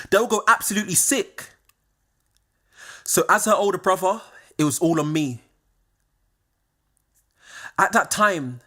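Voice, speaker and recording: A man, telling a scripted personal story, moving from quiet confiding tones to excited exclamations. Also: on the high side.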